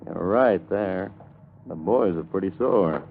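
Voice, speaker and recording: A cold, treacherous gangster who talks low and menacing in an old radio play. The sound is narrow and lo-fi, like an old radio broadcast, with faint hiss behind it. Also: male voice, expressive, takes it slowly, creaky, full character voice. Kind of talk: 1930s radio drama acting.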